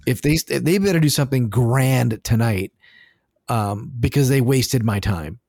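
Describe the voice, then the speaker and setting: Animated, swearing male podcast host. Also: medium pitch, a little slow, no echo, studio quality. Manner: animated, profane, rambling retelling. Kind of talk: casual podcast chat.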